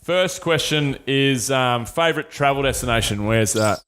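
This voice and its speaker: A man hosting a casual podcast interview, relaxed, with hesitant fillers as he asks questions. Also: mid-range voice, moderate pace, smooth. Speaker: podcast host.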